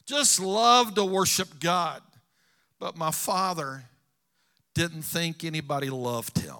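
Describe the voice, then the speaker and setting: A man's voice: on the high side, slow pace, sharp tone, clean tone. A middle-aged man preaching a sermon, telling personal stories earnestly to his congregation. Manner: storytelling, earnest, addresses congregation.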